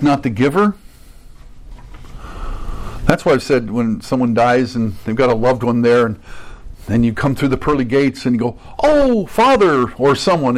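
A man preaching a sermon, earnest and direct, dropping low and quiet, then rising to emphatic high bursts, sometimes acting out the voices of imagined listeners. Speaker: pastor.

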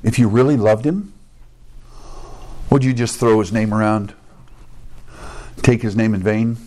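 A man's voice: fairly low pitch, fairly even intonation, measured pace, mellow. A male pastor preaching a sermon in a conversational way, with joking asides, restarts and rhetorical questions.

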